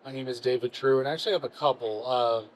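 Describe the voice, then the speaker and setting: A man's voice: medium pitch, steady tone, quick pace, rough recording. Hesitant man fan asking a question. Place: convention panel room.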